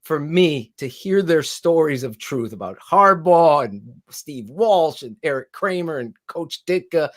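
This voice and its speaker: A man's voice: on the high side, expressive, unhurried, few pauses, fairly bright tone. A man hosting a casual sports podcast, talking bluntly and emphatically, with some swearing. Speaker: podcast host.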